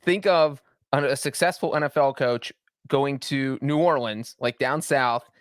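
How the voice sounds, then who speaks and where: A man's voice: medium pitch, a little slow, no echo. A man co-hosting a sports podcast with a dry, teasing manner. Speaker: podcast co-host. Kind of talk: casual sports podcast chat.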